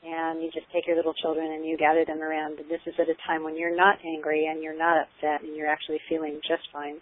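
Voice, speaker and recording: A woman giving earnest, explanatory parenting advice in casual conversation, often pausing with ums and restarting her sentences. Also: low-pitched, monotone, slight background noise. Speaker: parenting expert guest. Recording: tinny phone-like line.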